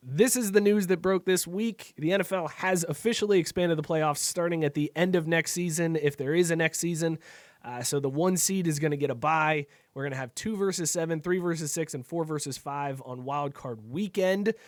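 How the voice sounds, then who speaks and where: A man's voice: on the high side, a little fast, no room sound, clean studio sound. A man hosting a casual podcast chat over a video call, joking and laughing often at his own lines. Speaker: podcast host.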